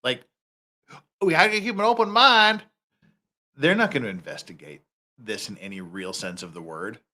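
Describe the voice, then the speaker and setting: Hosting a reaction commentary, this man has a mid-range voice and talks at normal speed. His delivery is an animated, heated rant packed with profanity.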